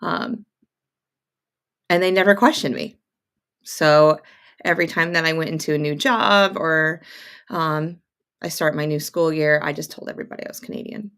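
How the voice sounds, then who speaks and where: This woman has a lowish voice with a gravelly fry running through it. She talks casually on a sewing livestream, greeting viewers one by one and rambling happily between topics. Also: normal speed, pauses often, a bit bright. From upstate New York, near Montreal. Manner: chatty, greets viewers by name, rambling asides. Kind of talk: casual live-stream chat.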